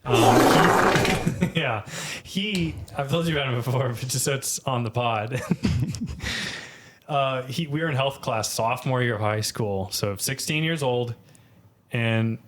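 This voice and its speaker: A man's voice: mid-range voice, measured pace, a bit bright, a little hiss or hum. A young man co-hosting a podcast, telling crude, rambling stories in casual chat, laughing and swearing often. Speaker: podcast co-host.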